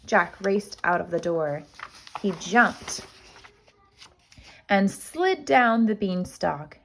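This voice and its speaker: A woman, a kindergarten teacher, reading a storybook aloud to children with expressive storytelling. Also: on the low side, slow pace, creaky.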